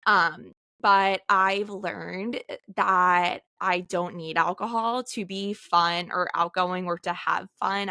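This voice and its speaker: A woman's voice: medium pitch, bright, forceful tone, no echo, studio quality. A woman in her late twenties hosting a podcast, talking in a candid, heartfelt way and filling her speech with "like.". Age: late 20s. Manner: candid, heartfelt, frequent "like" fillers. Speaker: podcast host. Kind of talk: casual chat.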